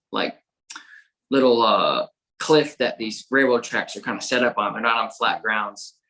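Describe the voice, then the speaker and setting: A man guest on a podcast who tells a story in a casual, excitable way, swearing often and tripping over repeated words. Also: mid-range voice, poor audio. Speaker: podcast guest, dog trainer.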